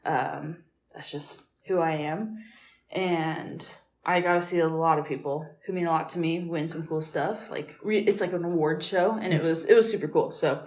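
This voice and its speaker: A woman co-hosting a podcast in casual chat, her voice groggy and hoarse, rambling with fillers and restarts. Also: sits low, steady tone, normal speed, a little mellow. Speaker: podcast co-host. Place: tiled hotel room. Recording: echoey tiled room.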